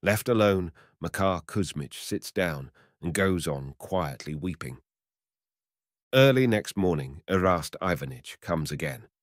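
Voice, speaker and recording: Brief: male audiobook narrator, very low voice, steady storytelling delivery, dry recording. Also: a little slow, dry recording. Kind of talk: audiobook reading of a short story.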